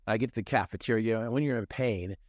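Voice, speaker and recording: A man's voice: lowish voice, quick pace, darkish tone, dry recording, clean studio sound. A middle-aged man telling his personal story in a conversation, earnest and emphatic, repeating phrases for effect.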